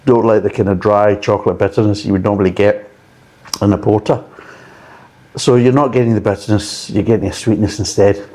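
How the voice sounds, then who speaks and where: A man's voice: fairly low pitch, warm tone. A man reviewing a beer in a blunt, exasperated way, swearing freely.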